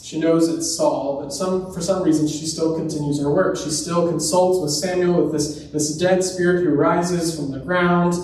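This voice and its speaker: A man's voice: a little high, steady tone, normal speed, few pauses, darkish tone, a little hiss or hum. A man giving a sermon in a church, retelling a story in a conversational way with personal asides. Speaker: preacher. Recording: very echoey room, distant mic.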